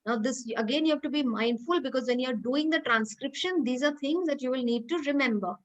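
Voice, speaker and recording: A woman's voice: high voice, a little fast, lo-fi sound. A woman teaching pronunciation over a video call, explaining rules patiently and quizzing students by name. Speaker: English teacher. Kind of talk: online class teaching.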